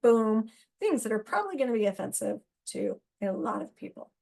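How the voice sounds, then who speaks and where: A woman hosting a solo astrology talk, speaking straight to her listeners in an excitable, animated way and laughing at herself. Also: a little high, brisk, vocal fry. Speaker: astrology podcast host.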